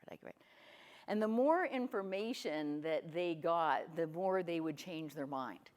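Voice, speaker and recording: A middle-aged woman with a notably low voice speaks as a guest at a conference. She questions the audience and tells stories in a lively way, often acting out what people said. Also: a little slow. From Canada. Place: conference room.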